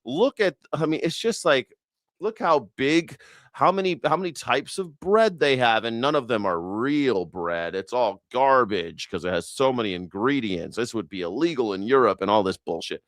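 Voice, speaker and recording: A man's voice: mid-range voice, expressive, moderate pace, a bit bright, dry recording, clean studio sound. A man hosting a casual news reaction talk, rambling and sarcastic with profanity and frequent restarts. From United States. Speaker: independent news and culture commentator.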